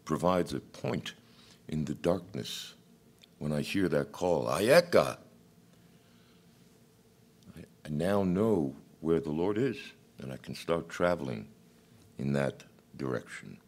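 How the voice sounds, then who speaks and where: A man preaching a sermon in a reflective, halting delivery. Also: a bass voice, lively intonation, darkish tone.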